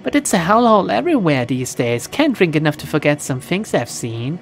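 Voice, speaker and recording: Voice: medium pitch, sing-song, brisk, soft background music. A streamer voicing a cheerful, hard-drinking young American woman shaman in a put-on Valley Girl accent while reading a game aloud. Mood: wistful. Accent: attempted American Valley Girl.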